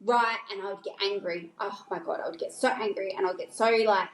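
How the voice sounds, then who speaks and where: A woman salon owner speaking as a podcast guest, candid and animated, often restarting her sentences. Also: medium pitch, a little fast, few pauses. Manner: candid and animated, with frequent self-correction. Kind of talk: casual interview conversation. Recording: echoey room sound.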